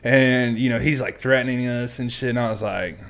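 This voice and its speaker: A man's voice: mid-range voice, brisk, gravelly. A young man with an ordinary mid-range voice hosts a loose, profane conversation. He tells stories with lots of fillers and acts out the people in them. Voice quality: profane, animated storyteller who acts out quotes. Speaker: podcast host. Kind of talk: casual storytelling chat.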